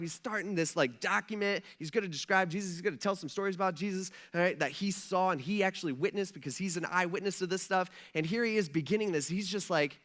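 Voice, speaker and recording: A pastor delivers a sermon in an easygoing, folksy way, repeating himself and checking in with his listeners. His voice sits high for a man. It has a bright, pushing edge. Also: expressive, a little fast. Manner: casual, folksy, asks the room "right?" often. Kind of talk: conversational sermon.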